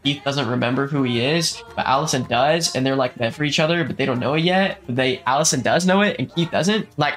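A man's voice: on the high side, fairly bright tone. A man giving casual, comedic movie commentary, profane and incredulous, his speech full of fillers. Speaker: movie reviewer.

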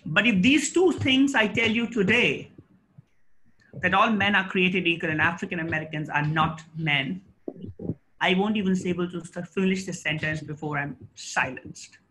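A middle-aged man delivers a formal lecture, his voice bright and forceful and pitched a little high. He talks in an emphatic, rhetorical way, with pauses and restarts. A faint noise sits under the recording. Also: poor audio. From India. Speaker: guest lecturer.

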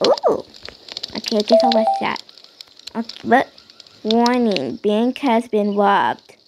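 A woman's voice: a little high, expressive, slow pace, background noise. A woman chatting and rambling as she narrates a game role-play.

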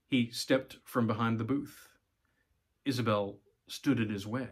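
A man's voice: lowish voice, steady tone, measured pace, husky. A man narrating a short story, reading with occasional small stumbles and giving the characters' lines a livelier delivery. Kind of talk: audiobook-style story reading.

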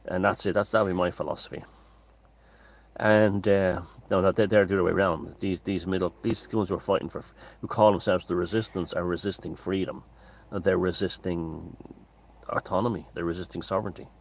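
Man, very low pitch, casual monologue, opinionated, rambling, restates points. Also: steady tone, a little fast, creaky, slight background noise. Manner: discursive and opinionated, circling back to restate points. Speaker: author and commentator hosting his own channel.

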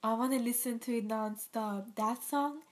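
A woman's voice: on the high side, fairly even intonation, normal speed. A young woman hosting a casual reaction video, emotional and gushing, teary and full of exclamations and fillers. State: teary, near crying. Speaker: video host reacting to a music video.

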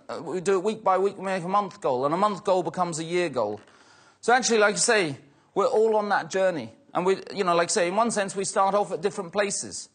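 Brief: guest speaker, husky, anecdotal sermon-style delivery. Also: male voice, high voice, fairly bright tone. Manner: anecdotal, repeats "like I say". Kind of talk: sermon-style testimony talk.

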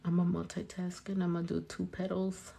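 A woman's voice: fairly low pitch, monotone, fairly quick, gravelly, mellow, husky. A young woman doing her nails on camera, chatting casually, swearing, talking to herself, and dropping in Spanish phrases. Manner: chatty, profane, talks to herself and her hands. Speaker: nail artist. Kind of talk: casual vlog chat while doing nails.

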